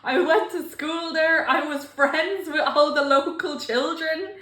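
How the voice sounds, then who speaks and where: A woman's voice: sits high, unhurried, roomy sound. A young Dublin Irish woman co-hosting a podcast, chatting casually and telling stories with lots of swearing and mock-quoting. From Ireland. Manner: swearing, animated storytelling, mock-quoting locals. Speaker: podcast co-host. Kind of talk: casual chat.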